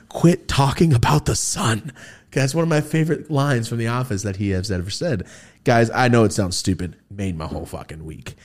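A young man hosting a podcast, telling a story casually and acting out quotes with sudden shouts. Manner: animated, acts out quotes with big pitch jumps and shouts. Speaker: podcast host.

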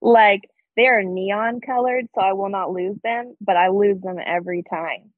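Chatty mom on a dull, muffled mic. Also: female voice, medium pitch, normal speed, no room sound. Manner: chatty storyteller, quotes her kids. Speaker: podcast guest. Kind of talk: casual chat.

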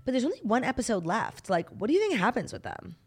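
Fast-talking woman co-host, animated. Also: fairly high pitch, breathy edge. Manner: animated, emphatic, quick asides. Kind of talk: casual chat about reality TV.

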